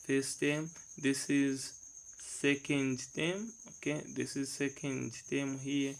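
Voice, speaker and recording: A man's voice: medium pitch, little pitch movement, slow pace, creaky, rough recording. A man teaching a math lesson step by step, reading numbers aloud and asking the class rhetorical questions.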